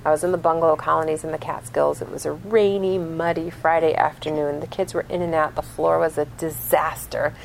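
Woman teacher, lowish voice, lively storytelling lesson with questions to the room. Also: a little fast, gravelly, hardly any pauses, slight background noise, rough recording. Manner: animated storyteller, asks the class questions. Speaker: religious teacher.

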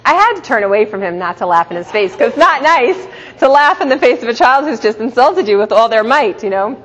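A middle-aged woman giving a religious teaching talk to a group, telling stories warmly and laughing often. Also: on the high side, big pitch swings, brisk. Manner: warm, storytelling, laughs often. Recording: dull sound in a reverberant hall.

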